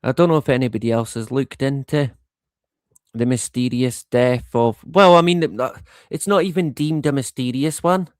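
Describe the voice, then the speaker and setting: A man's voice: medium pitch, normal speed, clear, resonant tone, no echo, studio quality. A man hosting a livestream in a casual, rambling monologue, laughing often and swearing freely. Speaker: livestream host.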